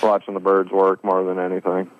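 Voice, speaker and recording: A man who is an angler and guest on a radio show, talking in an easygoing, relaxed way. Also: low-pitched, fairly quick, no echo, muffled recording. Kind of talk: casual interview.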